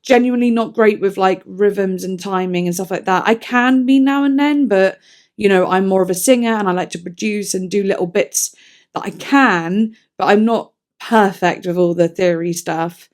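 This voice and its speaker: A woman's voice: medium pitch, normal speed, darkish tone. A woman talking casually through a song review, chatty and enthusiastic, with self-deprecating asides. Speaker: music reviewer.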